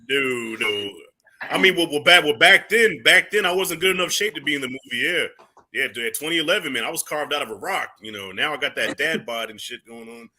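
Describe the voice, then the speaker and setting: A man's voice: medium pitch, lively intonation, a little fast, pushed and bright. A man in his thirties, a movie reviewer, chatting casually on a livestream, laid-back and swearing, laughing often.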